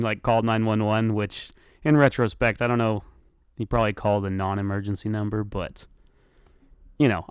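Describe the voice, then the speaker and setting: A man's voice: fairly low pitch, a little mellow, clean tone, no echo, clean studio sound. A man hosting a podcast, telling a profane story casually and acting out his own lines as he goes. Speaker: podcast host.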